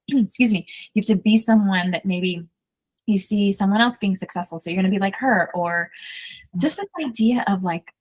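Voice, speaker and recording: A woman's voice: mid-range voice, moderate pace, a little mellow, rough recording. A woman hosting a podcast as a business coach, chatting casually in an enthusiastic, encouraging way, full of "like" and "so". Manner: enthusiastic, encouraging, many fillers like "like".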